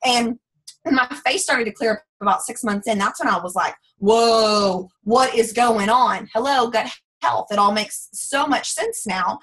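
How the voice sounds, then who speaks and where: A woman in her late twenties, a former teacher telling her story in a bubbly, chatty, animated way. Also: a little high, low-quality recording. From Texas. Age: 20s. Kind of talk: casual testimonial talk.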